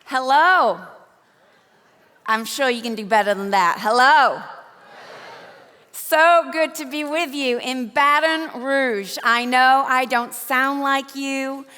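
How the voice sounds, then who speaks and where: An English woman delivers a leadership keynote with a high, bright, forceful voice. She teases her listeners playfully between points. The sound carries a long hall reverb. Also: takes it slowly. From England. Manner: playful teasing banter with the audience. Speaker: keynote speaker. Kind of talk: motivational leadership talk. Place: large event hall.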